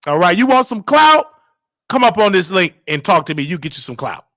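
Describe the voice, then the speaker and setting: A man hosting a casual live show, talking in an animated, sing-song way that swings from loud outbursts to hushed asides, with a Southern US accent. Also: high voice, fairly quick, no room sound. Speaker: host. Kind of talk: casual livestream talk.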